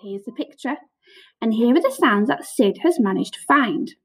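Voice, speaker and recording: A woman teaching a phonics lesson to young children on camera, sounding out letters slowly with lots of praise. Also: a little high, expressive, slightly rough, low-quality recording. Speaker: primary school teacher.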